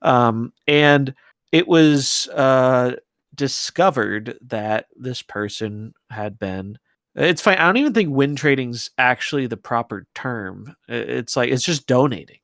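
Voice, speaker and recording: A man's voice: mid-range voice, animated, slow, fairly bright tone, no echo, clean studio sound. A man co-hosting a gaming podcast, talking loosely and conversationally and laughing often. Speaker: podcast co-host. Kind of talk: casual podcast chat.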